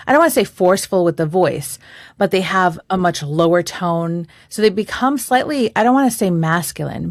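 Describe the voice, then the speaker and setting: A woman's voice: lowish voice, gravelly, dry recording, clean studio sound. A woman, a voice coach and podcast co-host, who chats with care and hedges her words. She has a singer's trained, well-projected voice. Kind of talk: casual chat.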